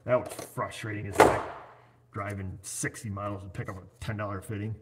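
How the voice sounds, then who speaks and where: The audio is very noisy as this forties-aged livestream host chats and jokes his way through a rambling session into his computer setup. His voice is fairly low and steady, and he speaks a little fast.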